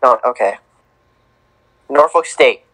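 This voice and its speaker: A man's voice: medium pitch, slow pace, fairly bright tone, slightly rough, low-quality recording. A man co-hosting a casual sports podcast, announcing tournament teams in a playful, sing-song way. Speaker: podcast co-host.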